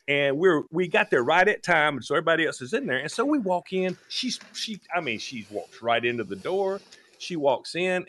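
A man telling a long comic story on a talk show, lively and laughing, acting out the voices of the people in it. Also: on the high side. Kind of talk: animated storytelling.

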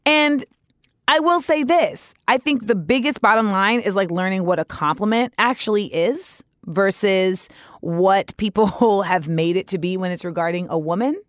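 A woman's voice: mid-range voice, moderate pace, no room sound, studio quality. A woman hosting a podcast, talking alone in a candid, opinionated way, with frank swearing and joking asides. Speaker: podcast host. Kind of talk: casual solo monologue.

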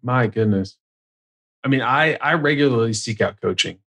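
A male podcast host steers the conversation with short, encouraging questions. His voice sits in a middle pitch range and is conversational throughout. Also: moderate pace, fairly bright tone. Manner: brief encouraging interjections and questions. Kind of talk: interviewing.

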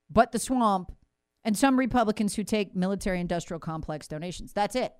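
A woman hosting opinionated political commentary, sarcastic and mocking, with sudden swings between loud jabs and low muttered asides. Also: expressive, brisk, smooth, no echo, clean studio sound. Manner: sarcastic, mocking impressions of officials.

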